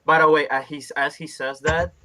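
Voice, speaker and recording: A man's voice: a little high, flat delivery, normal speed, sharp tone, poor audio. A man playing in a tabletop game, talking casually and stumbling over repeated words. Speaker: player.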